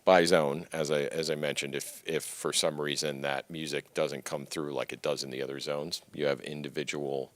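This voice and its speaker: A man co-presenting a technical training session, calmly explaining how the audio routing works. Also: very deep voice, moderate pace, hardly any pauses.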